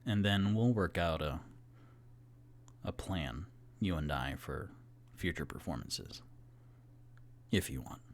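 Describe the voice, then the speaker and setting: A man voicing a reserved but kind male tavern keeper who speaks low and measured in a tabletop game. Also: animated, full character voice. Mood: warm.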